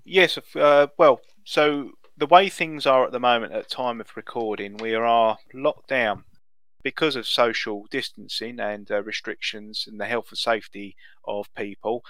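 A man's voice: mid-range voice, steady tone, unhurried, a bit bright, no echo. Rambling podcast co-host, man. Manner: rambling, with many ums and uhs. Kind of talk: casual podcast chat.

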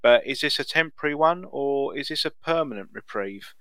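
A man's voice: medium pitch, lively intonation, a little fast, fairly bright tone, clean tone, no room sound. A man co-hosting a podcast, explaining things in a rambling casual way with many ums and uhs. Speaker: podcast co-host.

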